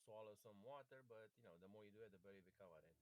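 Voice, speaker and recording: A man's voice: fairly low pitch, racing. A non-native English-speaking man in an online class, earnestly giving advice about practice. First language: not English. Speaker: student.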